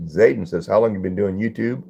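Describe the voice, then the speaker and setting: Man, deep and mellow, easygoing host reading viewer comments on a phone stream. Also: vocal fry, a little hiss or hum. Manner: laid-back, greets chatters by name and reads comments aloud. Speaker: livestream host. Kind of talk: casual livestream chat with viewers.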